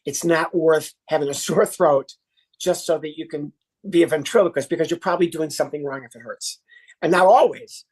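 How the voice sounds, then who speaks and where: A man's voice: a little high, a little fast, breathy edge. A man in his sixties, guest on a casual podcast, explaining ventriloquism in a playful, loose way. He jokes as he goes and keeps the talk light. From Chicago. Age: 60s. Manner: playful, lively, slips into character bits.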